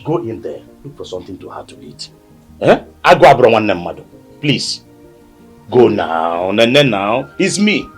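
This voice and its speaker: A man's voice: fairly low pitch, big pitch swings, measured pace, husky, exaggerated voice. A worn-out Nigerian brother and husband caught in a family row. His voice rises and falls a great deal as he pleads and soothes, and he repeats himself often. Film music plays behind him. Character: weary peacemaking husband and brother. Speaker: brother trying to settle a family quarrel. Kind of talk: Nollywood family drama acting. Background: background music.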